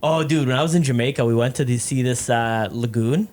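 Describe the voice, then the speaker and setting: A man's voice: medium pitch, fairly quick, darkish tone. A young man hosting a podcast, telling rambling stories in casual chat and laughing often. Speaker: podcast host.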